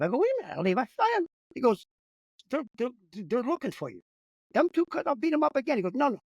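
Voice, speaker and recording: A man's voice: very high-pitched, no echo, rough recording. An older man, a comedian, telling a rambling, profane story in casual conversation. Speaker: comedian guest.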